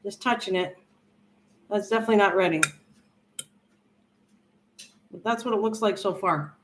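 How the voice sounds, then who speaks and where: An older woman hosts a casual cooking livestream from her home kitchen, chatting in a rambling, friendly way and reading viewer comments aloud. She talks fast at medium pitch, with background noise in the recording.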